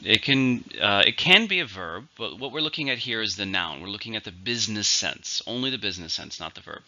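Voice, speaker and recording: A man's voice: on the low side, sharp tone. A man teaching an English vocabulary lesson, going methodically through each word's syllables and stress. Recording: dull lo-fi recording.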